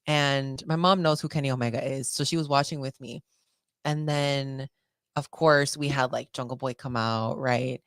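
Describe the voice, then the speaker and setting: A young woman co-hosting a podcast, chatting casually and telling animated stories with quoted asides. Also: extremely low pitch, normal speed, clear, resonant tone, dry recording, studio quality. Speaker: podcast co-host. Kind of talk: casual chat.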